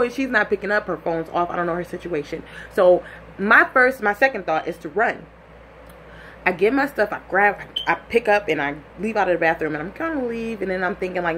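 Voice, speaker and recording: Young woman telling a story, blunt and animated. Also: medium pitch, fairly quick, a little hiss or hum. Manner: animated, blunt and profane, acts out quotes. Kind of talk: casual personal storytelling.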